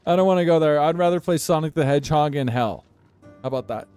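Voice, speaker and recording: Profane, higher-pitched young male streamer. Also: fast, darkish tone, clear, resonant tone, faint music behind. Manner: profane, exasperated banter with chat. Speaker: live streamer. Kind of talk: casual gameplay commentary.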